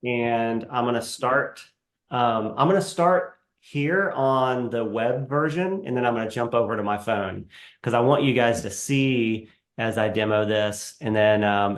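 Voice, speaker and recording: A man hosting a live webinar, demoing software in a casual, halting way with many fillers. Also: lowish voice, echoey room. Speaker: webinar host.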